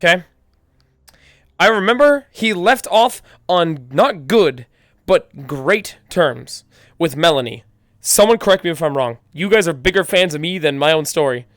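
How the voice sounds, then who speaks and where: Excited, fast-chatting male streamer. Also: fairly high pitch, no room sound, clean studio sound. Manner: excitable, loose and chatty with swearing. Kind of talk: casual livestream chat.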